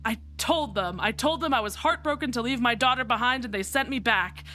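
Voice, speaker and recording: A woman voicing a calm, stern middle-aged soldier father with a measured, flat delivery. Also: a little high, slight background noise.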